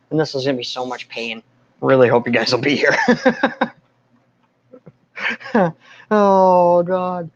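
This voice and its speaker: Man live-streaming, jittery and jokey, laughs a lot, dull lo-fi audio. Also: on the high side. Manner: nervous, joking, laughing often. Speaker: live video host and recovery speaker. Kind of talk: casual live-stream talk to viewers.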